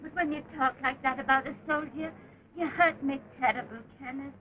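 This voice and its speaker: An actress in a 1930 film playing a lonely older London charwoman, speaking softly with a tremulous, tender manner. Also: high voice, fairly even intonation, a little fast, a little hiss or hum, natural voice. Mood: tearful, earnest. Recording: muffled early sound-film audio.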